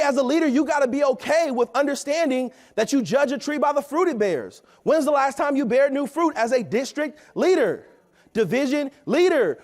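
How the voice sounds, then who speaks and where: High-voiced man giving a pumped-up pep talk. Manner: energetic, preachy, keeps asking "right?". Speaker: motivational speaker at a company event. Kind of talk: motivational talk.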